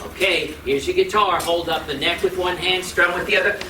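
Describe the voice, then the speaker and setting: A man's voice: sits high, fairly quick, far from the mic. A man telling a bilingual folk tale and leading a sing-along for children, coaxing them with questions. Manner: lively, coaxing, asks the kids questions. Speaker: children's storyteller and singer. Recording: echoey live room from afar with music.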